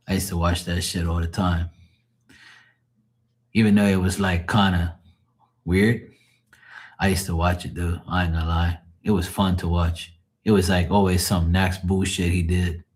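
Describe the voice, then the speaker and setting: A man with a deep, husky voice chatting loosely on a live stream. He tells rambling stories full of swearing and chuckles, with a rough, breathy edge to his speech. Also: little pitch movement, normal speed. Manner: profane, storytelling, chuckling. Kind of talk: casual rambling chat.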